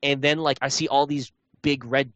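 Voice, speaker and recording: A man's voice: mid-range voice, little pitch movement, moderate pace, a bit bright, no echo, highs cut off. A man chatting casually about a video game, rambling with lots of fillers and restarts. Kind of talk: casual chat.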